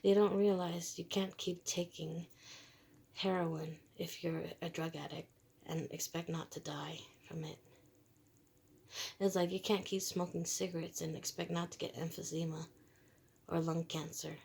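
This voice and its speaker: A woman gives a casual tarot reading in a loose, rambling monologue. She talks bluntly and in slang, with laughs between her thoughts. Her voice sits a little low and has a gravelly, creaky edge. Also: little pitch movement, measured pace, darkish tone. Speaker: tarot reader.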